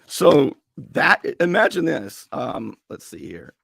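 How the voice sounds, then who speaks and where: A male talk radio host with a strained, gravelly voice, giving an opinionated monologue and acting out mock dialogue. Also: slow pace, no echo, clean studio sound. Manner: animated, acts out mock dialogue with sudden high-pitched bursts. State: strained voice after a long day.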